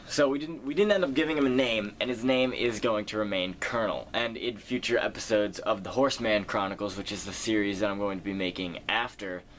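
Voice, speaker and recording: Rambling low-voiced guy answering fan questions. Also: a bit bright, a little hiss or hum. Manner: rambling, many fillers and self-corrections. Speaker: video series creator answering viewer questions. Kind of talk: casual Q&A monologue.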